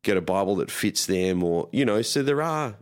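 A man's voice: fairly low pitch, expressive, normal speed, clear, resonant tone. An Australian man, a pastor, chatting as a guest in a rambling, self-deprecating way. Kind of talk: casual conversation.

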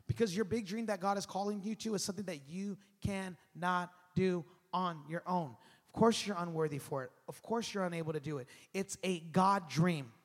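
Man, pastor, 30s, high voice, animated conversational sermon, long church-hall reverb. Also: moderate pace. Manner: animated, conversational preaching with call-and-response.

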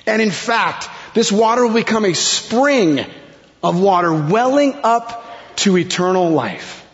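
A man delivers a sermon at an unhurried, deliberate pace, his voice a touch high for a man. He lets key words fall away into near-quiet. The sound is dull and lo-fi, with a long reverb trailing through the hall. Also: expressive. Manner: slow, dramatic delivery with sudden soft drops. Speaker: preacher.

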